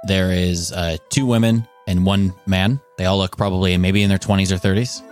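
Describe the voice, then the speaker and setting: A man narrates a tabletop role-playing session as its game master. He talks casually, with lots of filler words, in a fairly low voice. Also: steady tone, moderate pace, a little mellow, soft background music. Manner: casual, with many fillers like "kinda".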